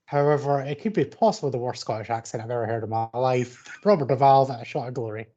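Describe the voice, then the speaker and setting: A man's voice: mid-range voice, quick pace, mellow. A man co-hosting a casual podcast, making wry remarks and laughing often. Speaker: podcast co-host. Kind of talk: casual chat. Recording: slightly dull audio.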